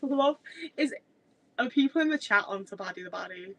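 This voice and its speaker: A woman's voice: mid-range voice, expressive, brisk, gravelly, poor audio. A woman, chatting casually on a livestream in a rambling way with many filler words. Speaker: streamer.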